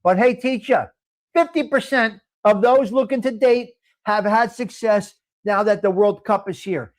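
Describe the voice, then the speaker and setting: Blunt crude-talking New man. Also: high voice. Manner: blunt, crude, laughing, talks straight to chat viewers. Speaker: host of a live coffee talk stream. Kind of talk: casual live-stream chat.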